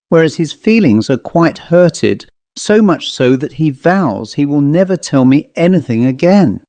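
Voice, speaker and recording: A man reading a ghost story aloud in a measured, wry storytelling manner, as an audiobook narrator. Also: medium pitch, sing-song, a little mellow, dry recording.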